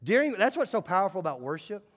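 A male pastor preaching a sermon in a church, emphatic, swinging between loud calls and hushed asides. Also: sits high, very animated, fast, long reverb tail. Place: church sanctuary.

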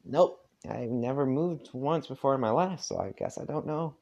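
A man's voice: medium pitch, animated, moderate pace, gravelly, mellow, muffled recording, pitched above the performer's own voice. A man voicing a shy, polite and friendly young man, eager and earnest. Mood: curious.

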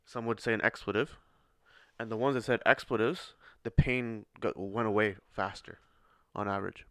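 A man co-hosts a casual podcast with his son, teasing him and laughing often. His voice is lowish and fairly bright, with fairly even intonation and a normal pace, in a dry, studio-quality recording.

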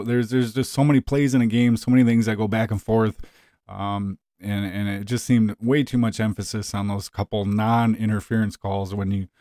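A man's voice: lowish voice, a little mellow, no echo, clean studio sound. A man hosting a podcast, rambling and exasperated as he rants in a casual monologue, with plenty of fillers. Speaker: podcast host.

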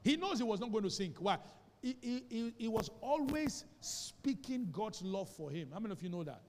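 A man with a Nigerian English accent preaching a sermon as pastor, moving between quiet asides and loud shouted lines and calling for responses from the congregation. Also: high voice, very animated, moderate pace, long reverb tail. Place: church hall.

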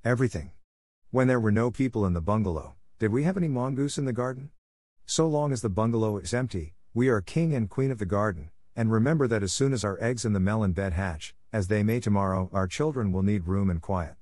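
A man's voice: lowish voice, fairly quick, no echo, studio quality, close to an everyday voice. Man doing a scheming female cobra. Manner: hushed, persuasive. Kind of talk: storybook reading.

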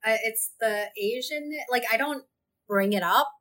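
A woman from Hong Kong, a podcast guest, telling animated personal stories and laughing often in a casual interview. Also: fairly high pitch, a little slow.

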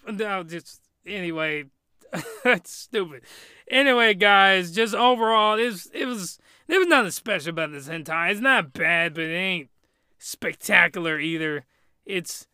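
Bright high-voiced man ranting. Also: clean tone, dry recording, clean studio sound. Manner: crude, rambling, animated storytelling. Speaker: podcast host. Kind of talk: casual solo podcast review.

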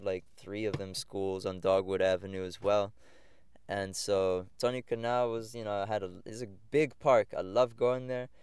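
A young man from the US hosts a podcast, his low, slightly mellow voice clear and resonant without echo. He reflects on his own life in casual, wandering stories, with frequent fillers and restarts.

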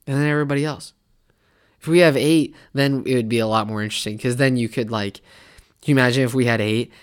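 A man's voice: medium pitch, steady tone, fast talker, clean tone. A man hosting a sports podcast, talking casually and animatedly in a rambling way, now and then slipping into mock fan voices. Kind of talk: casual college football opinion talk.

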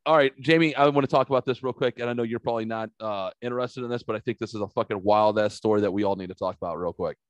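A man hosting a casual podcast, telling stories in a lively, profane way and acting out the quotes. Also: on the low side, very fast, few pauses, dry recording. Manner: animated, profane, acts out quotes. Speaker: podcast host. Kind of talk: casual storytelling chat.

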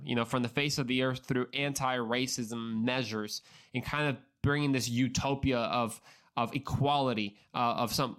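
A man hosts a solo podcast in a voice of middling pitch. He speaks earnestly and conversationally, addressing the listener directly and often stumbling over and repeating words as he explains. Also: a bit bright. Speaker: podcast host.

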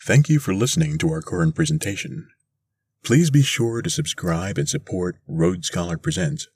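A man hosting a podcast, reading a short story aloud in a measured, deliberate way from a mobile studio. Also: sits low, animated, a little mellow. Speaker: podcast host and reader. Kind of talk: scripted narration of a short story. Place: mobile studio in a converted school bus.

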